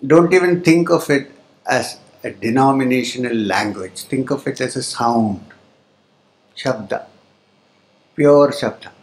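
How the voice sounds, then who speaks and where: Man, spiritual teacher, discourse in a hall, slow explaining with pauses, chants Sanskrit words, mid-pitched voice. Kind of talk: spiritual discourse to a live audience. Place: lecture hall with audience.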